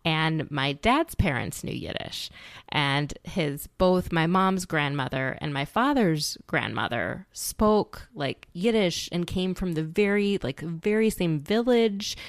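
A woman's voice: sits low, no room sound. Woman chatting, dry close sound. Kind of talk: casual chat.

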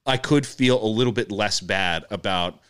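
A man in his thirties co-hosting a podcast, speaking in a measured way, restarting sentences as he clarifies his points. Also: on the low side, a bit bright, smooth. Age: 30s. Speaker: podcast co-host. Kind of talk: casual chat.

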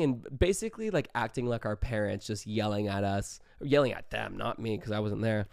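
A man's voice: lowish voice, animated, brisk, vocal fry, few pauses, no room sound, studio quality. Laughing young man telling a story. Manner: laughs through his story, swears freely, lots of "like". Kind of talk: casual storytime.

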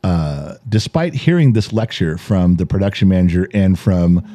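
A man in his forties, co-hosting a podcast and telling animated stories in casual chat, acting out the dialogue and swearing freely. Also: low-pitched, moderate pace, no room sound. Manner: animated storyteller, acts out quoted dialogue, swears. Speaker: podcast co-host.

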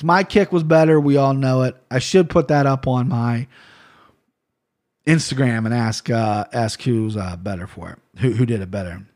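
A man talking straight to camera at a mid-range pitch, loose and unscripted. He rambles, swears often, and breaks into loud bursts of mock outrage before settling back down. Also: moderate pace. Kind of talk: casual solo rant about gear and fight news.

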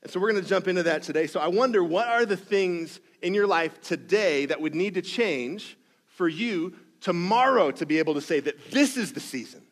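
A man's voice: sits high, animated, moderate pace. A man preaching a sermon as pastor, conversational and emphatic, with self-deprecating asides and rhythmic repetitions.

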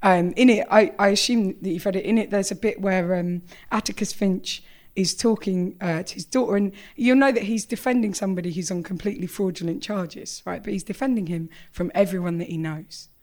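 A woman's voice: mid-range voice, brisk, hardly any pauses. A British woman doing a live stand-up set, rambling and self-mocking, slipping into fake-solemn quotes and giggly asides. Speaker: stand-up comedian. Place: comedy club stage in front of a live audience. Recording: live room with loud crowd laughter.

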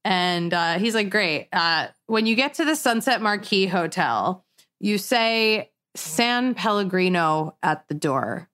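A woman's voice: medium pitch, takes it slowly. A young woman telling a story casually, laughing often and acting out what people said. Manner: animated, laughs often, acts out quotes. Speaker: storyteller guest.

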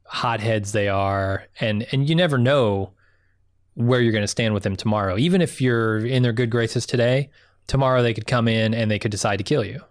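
A man co-hosting a podcast in casual chat, animated and excitable, swearing now and then. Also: medium pitch, moderate pace, smooth, no echo, studio quality. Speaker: podcast co-host.

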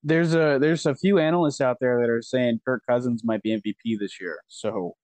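A man's voice: mid-range voice, moderate pace, a little mellow, dry recording. A man co-hosting a casual sports podcast, hesitant and full of ums. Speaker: podcast co-host.

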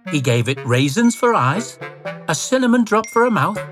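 Children's storybook narrator, expressive, lively pitch, music playing behind. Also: normal speed. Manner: expressive, playful sound words. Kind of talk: storybook read-aloud for children.

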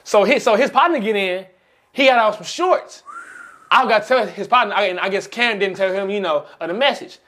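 Brief: high-pitched man, slangy laughing storyteller, crude casual chat. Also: a little fast, a bit bright, a little hiss or hum.

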